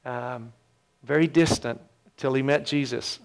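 A man in his fifties, a pastor telling his own story in a sermon with earnest, halting repeats. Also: mid-range voice, steady tone, gravelly. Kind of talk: sermon testimony.

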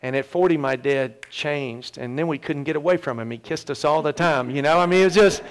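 A man in his fifties, a pastor telling his own story in a sermon with earnest, halting repeats. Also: medium pitch. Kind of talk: sermon testimony.

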